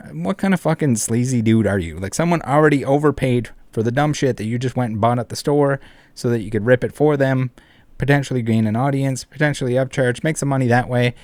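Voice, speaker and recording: Guy ranting on his channel, swears a lot, mid pitch, dry close sound. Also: a little mellow, dry recording. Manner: indignant, profane, emphatic. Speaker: commentary channel host. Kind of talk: online commentary rant.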